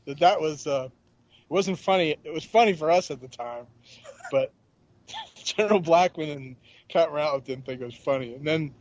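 A man's voice: a little high, normal speed, dull audio. An older man, a regular panelist, chiming in with blunt, profane remarks in casual chat.

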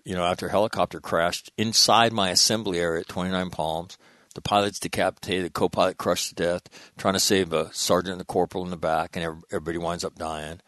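A man's voice: sits low, a bit bright, no room sound, studio quality. A middle-aged man, a Marine veteran guest, telling stories in an emphatic, blunt and profane way. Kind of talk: candid storytelling interview.

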